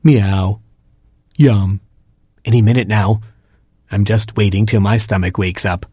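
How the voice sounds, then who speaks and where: A man voicing a lazy, languid cat in a storybook reading, sighing and unhurried. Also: fairly low pitch, fairly even intonation, warm tone, breathy edge, no echo, clean studio sound.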